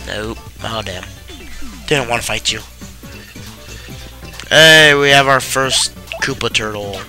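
A tired young man giving casual, sarcastic commentary while playing a video game, swearing freely in a deadpan way. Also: medium pitch, takes it slowly. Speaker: let's play commentator. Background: game music.

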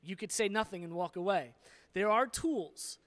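A man's voice: high voice, lively intonation, normal speed, fairly bright tone. Plain-spoken man pastor. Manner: plain-spoken and frank, with fillers. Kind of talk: conversational sermon.

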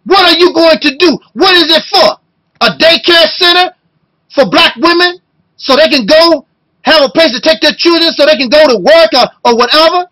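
A man in his fifties delivering an impassioned video rant, talking loud and emotional and firing off rhetorical questions. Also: extremely high pitch, normal speed, poor audio. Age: 50s. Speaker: video blogger.

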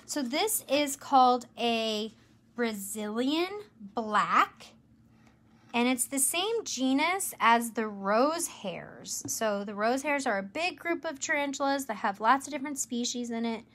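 A woman educator presenting tarantulas in a live stream, enthusiastic and gentle, cooing at the animals. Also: on the high side, lively intonation, unhurried. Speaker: insect zoo educator. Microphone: livestream camera mic.

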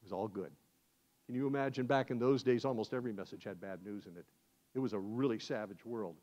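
An American man, a guest preacher, telling a sermon as a lively first-person story. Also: lowish voice, quick pace. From United States. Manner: animated, acts out scenes in first person. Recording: dull lo-fi sound.

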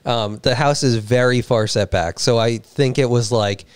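A man co-hosting a casual livestream chat, telling stories with animated quoted lines. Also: medium pitch, moderate pace, clean tone, no echo. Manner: animated storyteller, acts out quotes. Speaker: co-host.

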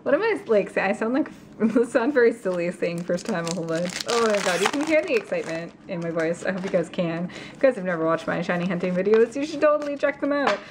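A woman vlogging a card pack opening, gasping and gushing with excitement as she reads out each card. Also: medium pitch, fast, noisy background. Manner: gasping, gushing, breathless exclamations. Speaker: YouTuber opening trading card packs. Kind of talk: excited unboxing vlog.

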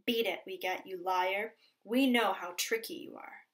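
A woman's voice: mid-range voice, unhurried, a bit bright, natural voice. A woman reading a storybook aloud, voicing a group of greedy frog spirits who taunt and dismiss a beggar.

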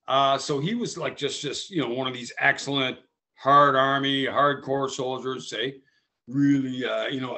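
A man with a medium-pitched, bright, forceful voice and a Canadian English accent tells a rambling personal story. He's from Canada, digresses constantly, restarts often and keeps tagging on "eh?".

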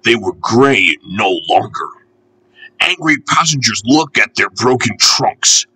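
Man for children's storybook reading, slow and lively, bright breathy tone. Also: lowish voice, rough recording. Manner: gentle, unhurried and expressive.

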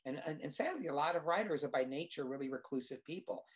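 A man, a screenwriter guest, telling a lively anecdote in casual chat, with restarts and quoted dialogue. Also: a little high, fast. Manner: animated anecdote teller, restarts.

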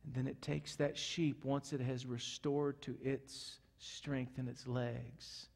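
A male pastor preaching a sermon earnestly, moving from loud urgency to soft, hushed passages. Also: mid-range voice, level tone, takes it slowly, gravelly. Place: church sanctuary. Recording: echoey church hall.

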